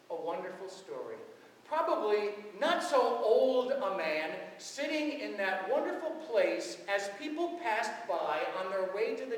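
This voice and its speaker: A man preaching as pastor in a large church, telling stories in a lively way. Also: high-pitched, far from the mic, a little hiss or hum. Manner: storytelling, animated. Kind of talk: sermon. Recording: echoey church heard from afar.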